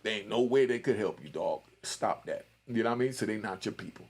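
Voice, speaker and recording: A man's voice: lowish voice, animated, fairly quick, few pauses, husky. A man, hosting a loose, streetwise livestream commentary and often asking if you follow him. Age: 60s. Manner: loose streetwise storytelling, keeps asking "you know what I mean". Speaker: commentary channel host.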